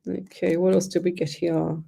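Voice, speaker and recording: A woman's voice: lowish voice, level tone, normal speed, creaky, dark tone, breathy edge. Chatty woman giving psychic readings. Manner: chatty, rambling, thinks aloud with many restarts. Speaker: radio host and psychic medium. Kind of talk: live radio psychic readings.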